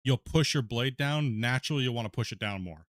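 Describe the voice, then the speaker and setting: A talkative man hosts a livestreamed podcast, speaking casually and turning often to address his viewers. His voice sits at an ordinary pitch and the sound is close and dry, with no room echo. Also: a little fast. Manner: chatty, laughing, addresses viewers directly. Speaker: podcast host and streamer. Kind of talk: casual chat with a live audience.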